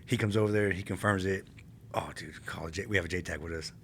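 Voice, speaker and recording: Fast-talking man with a bright voice. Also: deep voice, a little hiss or hum. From California. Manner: animated, laughs while telling war stories. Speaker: podcast guest, retired army infantryman. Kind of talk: casual interview storytelling.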